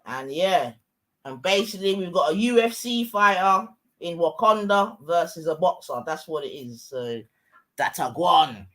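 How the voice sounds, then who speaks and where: A young woman, giving excitable, slang-heavy live commentary on a fight and shouting often. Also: on the low side, measured pace. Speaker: watch-along streamer.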